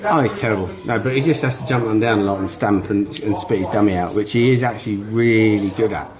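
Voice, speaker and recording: A man's voice: fairly low pitch, fast talker, a crowd in the background. A man co-hosting a casual football chat, trading dry, joking banter. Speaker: podcast co-host.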